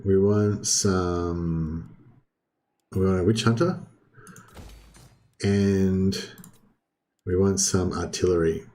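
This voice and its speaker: Young guy with a low deep voice doing laid-back game commentary, lots of ums, clears his throat now and then. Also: steady tone, drawn-out words, pauses often, mellow. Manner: hesitant, many filler ums and throat clearing. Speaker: gaming video host. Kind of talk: casual let's-play commentary.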